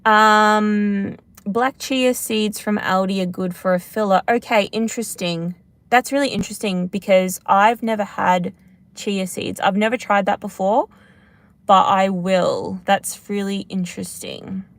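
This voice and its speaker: A woman's voice: mid-range voice, fairly even intonation, unhurried. Rambling chatty woman. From Australia. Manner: rambling, chatty, self-deprecating. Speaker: livestream host answering comments. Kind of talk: casual live Q&A chat.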